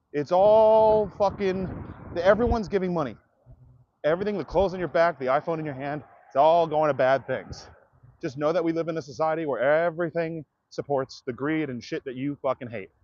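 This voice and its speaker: A man's voice: on the high side, a little mellow, highs cut off. A man livestreaming outdoors, ranting to his viewers in a profane, direct way. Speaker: comedian livestreamer. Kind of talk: livestream rant to chat.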